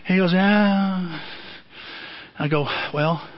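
Middle-aged preacher guy telling stories, high-ish voice, kinda dull lo-fi sound. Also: moderate pace. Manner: animated storytelling, acts out voices in high falsetto. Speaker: pastor. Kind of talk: sermon with acted-out story. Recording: dull lo-fi sermon audio.

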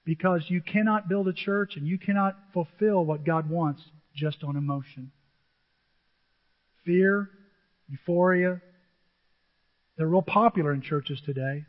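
A male pastor preaching a sermon to his church, animated and emotional, often jumping into excited high exclamations. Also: unhurried, long pauses. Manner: self-described emotional. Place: church sanctuary with a screen. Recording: dull, long hall reverb.

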